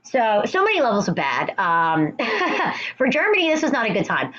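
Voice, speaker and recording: A woman's voice: mid-range voice, wildly swooping pitch, fairly quick, fairly bright tone, highs cut off. A woman teaching history in a recorded video lesson. She talks in a chatty, emphatic way, with many restarts and asides.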